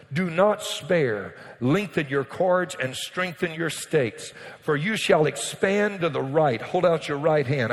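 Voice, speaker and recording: Loud preaching man in a reverberant church. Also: on the high side. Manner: shouting, exclamatory preaching with swings to quiet teaching. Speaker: pastor. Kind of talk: sermon. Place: church sanctuary with congregation. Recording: long reverb in a church hall.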